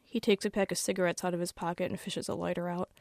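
A woman reads her own first-person fiction with wry, measured timing and a slightly low voice. The sound is dry and close, with no room around it. Her delivery stays steady and deliberate. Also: gravelly, no echo. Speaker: author.

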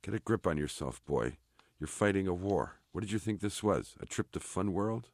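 A man reading aloud, voicing a chatty, bossy army sergeant in an offhand, brisk manner. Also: low-pitched, animated, a little mellow, no room sound, clean studio sound. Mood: brusque. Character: gruff chatty male army sergeant, blunt.

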